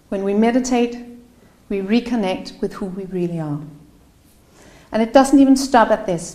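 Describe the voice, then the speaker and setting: A woman giving an earnest, halting opening speech to a live audience, her voice catching with emotion at times. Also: mid-range voice, darkish tone. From Denmark. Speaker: event host. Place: room in front of a live audience. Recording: roomy echo.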